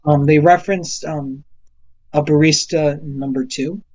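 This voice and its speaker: A man's voice: a little high, fairly even intonation, unhurried, dull audio. A young man co-hosting a casual chat, rambling with lots of fillers and laughing often. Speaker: co-host. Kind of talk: casual chat about movies.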